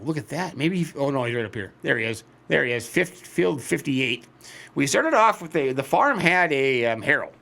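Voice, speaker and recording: Gravelly man, folksy game commentary. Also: medium pitch, a bit bright, a little hiss or hum. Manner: folksy, rambling, chatty. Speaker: host. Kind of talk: casual gameplay commentary.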